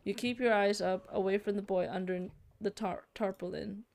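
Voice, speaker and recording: A woman's voice: mid-range voice, steady tone, normal speed, a little mellow, a little hiss or hum. A young woman playing a narrative game, reading its text aloud and reacting with shocked exclamations and casual fillers. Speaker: let's play streamer.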